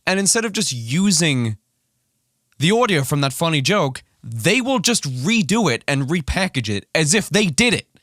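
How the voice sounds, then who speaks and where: Animated, ranting man with lively pitch. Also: moderate pace, dry recording, clean studio sound. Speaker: YouTuber. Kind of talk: reaction vlog ranting.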